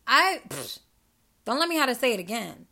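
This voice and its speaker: Woman ranting on her podcast, gravelly, bright and kinda high. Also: big pitch swings, moderate pace. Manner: emphatic, profane, preachy, addresses listeners directly. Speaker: podcast host. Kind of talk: passionate solo podcast monologue.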